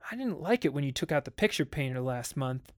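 A man's voice: medium pitch, very animated, brisk, no room sound, studio quality, natural voice. A man voicing a cold, defiant, spoiled boy in a dramatic audiobook reading.

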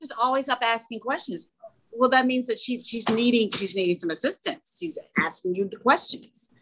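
A woman who runs a small school talks in a relaxed interview. She tells earnest, animated stories and acts out the other people's lines as she goes. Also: fairly high pitch, normal speed, noisy background. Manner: earnest, animated storytelling with quoted dialogue. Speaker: small school or daycare founder. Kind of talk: casual interview chat.

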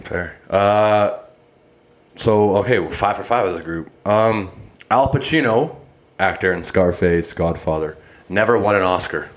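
A young man hosting a casual game chat, blunt and swearing often in quick bursts. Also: sits low.

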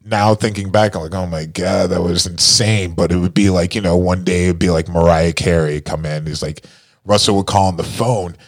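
A middle-aged man, the guest, telling his story in casual talk, halting with fillers and restarts. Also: deep voice, steady tone, a little mellow. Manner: halting, full of fillers and repeated starts.

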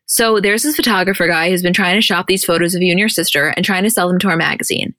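A woman's voice: on the low side, quick pace, few pauses, fairly bright tone, no room sound. A woman co-hosting a podcast, casually recapping TV scenes and acting out the dialogue as she goes. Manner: chatty, retells scenes with quoted dialogue. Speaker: podcast co-host.

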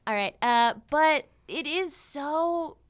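A woman's voice: high voice, lively intonation, slow, fairly bright tone. A young woman from the United States hosting a casual chat, joking and laughing often. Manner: playful, laughs often, jokey. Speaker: podcast host.

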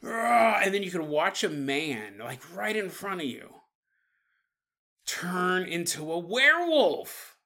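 Guy hosting a paranormal podcast, lively swoopy voice, bright, keeps cracking up. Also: high-pitched, takes it slowly. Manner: animated, laughs often, acts out silly voices. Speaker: podcast host. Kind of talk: rambling comedic monologue.

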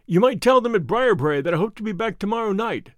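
A man's voice: high voice, lively intonation, fast talker, dry recording, studio quality, voice pushed up. A man reading an audiobook, voicing an earnest, recovering young man. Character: weak young male convalescent client, eager.

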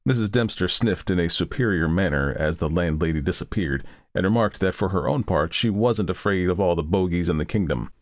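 A man reading a storybook aloud in a steady, measured way. His voice sits low, and the sound is dry and close with little room around it. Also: dry recording. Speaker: audiobook narrator. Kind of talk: scripted narration.

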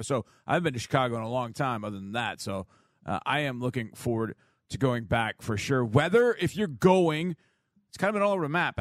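A man's voice: on the high side, dry recording. A man hosting a sports radio talk show, chatting casually and laughing easily. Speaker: host.

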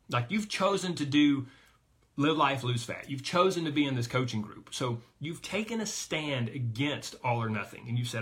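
A man's voice: mid-range voice, fairly bright tone. A man coaching a weight loss group, talking energetically and emphatically to his listeners.

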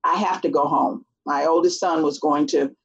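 A middle-aged woman, a guest, tells a story in an animated chat and acts out the voices of people she quotes. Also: sits low, moderate pace, gravelly, slightly rough. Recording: dull lo-fi sound.

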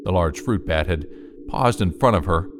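Deep-voiced male audiobook narrator. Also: animated, normal speed, background noise.

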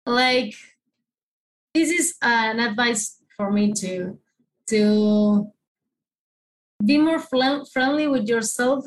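A woman, a guest in a casual interview, speaking haltingly with many restarts as she searches for words. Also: on the high side, poor audio.

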